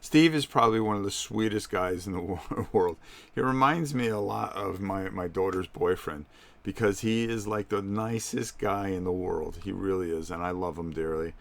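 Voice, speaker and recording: A man's voice: deep voice, normal speed, vocal fry. A middle-aged man hosting a live stream, chatting casually and speaking directly to his viewers.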